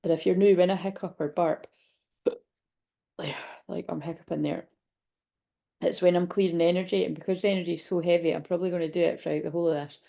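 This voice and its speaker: Woman in her late 30s, low gravelly voice, rambling tarot chat, hiccups now and then. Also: fairly even intonation, fast, warm tone. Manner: rambling, chatty, many restarts. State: hiccuping, out of breath. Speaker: tarot reader. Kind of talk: casual tarot reading vlog.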